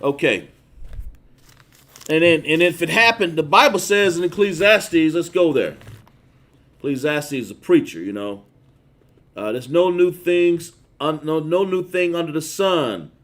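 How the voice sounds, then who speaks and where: A man preaching a sermon over a phone livestream, reading scripture with heavy drawn-out stresses and chatting with viewers. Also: on the high side, fairly bright tone. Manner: emphatic, drawn-out stresses, chats with viewers between verses.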